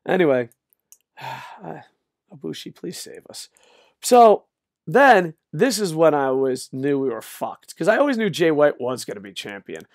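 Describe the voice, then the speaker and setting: Older guy ranting, swearing a lot, sarcastic and fed up, kinda high voice, dry mic. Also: very animated, measured pace, dry recording. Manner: exasperated, profane, sarcastic rant. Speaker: wrestling commentator. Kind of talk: ranting solo video.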